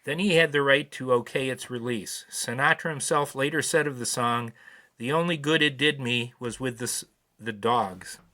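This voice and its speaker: A man's voice: medium pitch, normal speed, sharp tone. A man in his seventies hosting a podcast, reading prepared notes with dry, wry asides. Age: 70s. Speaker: podcast host. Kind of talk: casual commentary reading notes.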